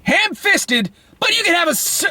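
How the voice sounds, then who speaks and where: A man's voice: very high-pitched, sing-song, normal speed, sharp tone. A young man in casual chat, reviewing a movie, exasperated and emphatic.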